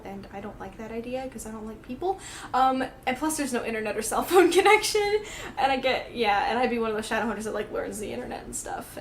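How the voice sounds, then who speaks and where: A woman's voice: medium pitch, slight background noise. A young woman answering a book questionnaire in a casual vlog, rambling with lots of fillers and giggles. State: tearful, crying. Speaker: book vlogger.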